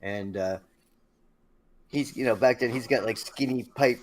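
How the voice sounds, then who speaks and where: A man's voice: mid-range voice, unhurried, a crowd in the background. A man in his fifties telling a funny road-trip story in casual chat, swearing and laughing along the way. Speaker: streamer telling stories.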